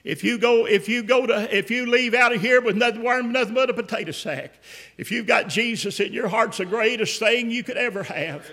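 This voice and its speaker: A man's voice: very high voice, brisk, bright, forceful tone. A man preaching an emphatic revival sermon, telling stories and repeating words as he builds.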